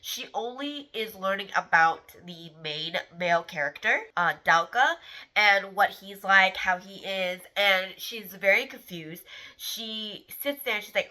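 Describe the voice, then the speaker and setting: A woman's voice: mid-range voice, measured pace, bright, forceful tone, rough recording. A woman book vlogger with a congested, stuffed-up voice, chatting candidly to camera. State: congested from the flu. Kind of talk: casual chat to camera.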